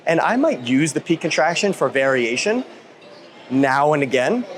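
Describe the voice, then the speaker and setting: A fitness YouTuber in his thirties gives a casual workout tutorial in a gym, rambling and joking with goofy asides and interrupting himself. His fairly high voice swings widely in pitch, and he talks at a normal speed.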